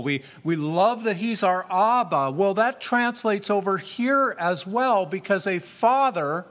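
A man with a high voice preaches a sermon to his congregation, stressing key words and asking rhetorical questions. His voice rings with a long reverb, as if it fills a large church hall. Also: a bit bright. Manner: rhetorical questions, emphatic repetition, reads scripture aloud. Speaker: pastor.

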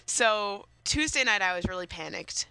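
Young woman cohost, bright crisp voice, dry close sound, chatty and laughy. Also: mid-range voice, lively intonation, normal speed, no room sound. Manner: chatty, restarts often, laughs easily. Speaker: co-host. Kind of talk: casual chat.

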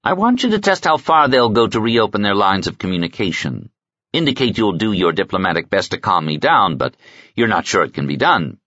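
A man voicing a sharp, restless small male noble investigator with a brisk, commanding, wry manner. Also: on the low side, sing-song, no echo, dull audio, full character voice. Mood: scheming.

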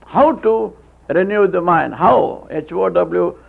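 A man preaching a sermon, with halting restarts, telling stories and acting out voices. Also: high-pitched, animated. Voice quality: gravelly, husky. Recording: tinny phone-like old tape.

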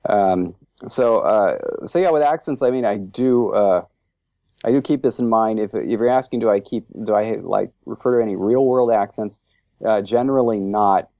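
A man's voice: fairly low pitch, normal speed, dark tone, no echo, muffled recording. A man guesting on a podcast interview, talking enthusiastically and rambling with lots of fillers. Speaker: interview guest, language creator. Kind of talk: casual interview chat.

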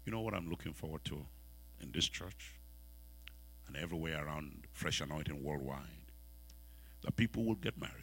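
A man with a West African accent preaching a sermon in a church, asking the congregation questions and swinging from soft, quiet lines to loud ones. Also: a bass voice, lively intonation, moderate pace, long pauses, a little hiss or hum. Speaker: pastor.

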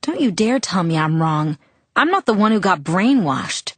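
Woman reading as a wounded stubborn teen girl, pushy, lower-pitched, dry sound. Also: sing-song, normal speed, no room sound. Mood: upset. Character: hurt, defiant teenage girl.

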